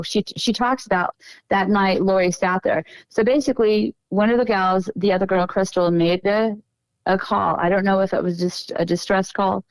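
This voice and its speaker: A woman's voice: lowish voice, clean tone, dry recording, poor audio. A middle-aged woman guest on a podcast, telling a long story in a casual, meandering way and often stopping to correct herself.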